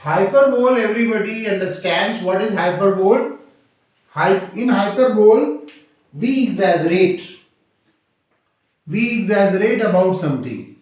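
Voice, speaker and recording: A man teaching grammar in a slow explanatory lecture, deliberately repeating and defining each term. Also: sits high, expressive, a little mellow. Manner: repetitive, deliberate, defines terms over and over. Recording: very echoey room.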